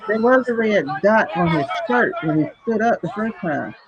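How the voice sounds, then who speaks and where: A woman's voice: medium pitch, expressive, moderate pace, noisy background. A woman hosting a live stream, giving casual, exasperated running commentary as she talks back to footage she is watching. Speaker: host of a live tarot stream. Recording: lo-fi stream audio.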